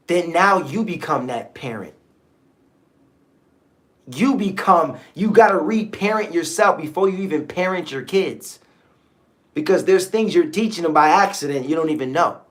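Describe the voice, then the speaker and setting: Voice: mid-range voice, expressive, moderate pace. Conversational motivational livestream host. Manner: conversational, repetitive, checks in with listeners.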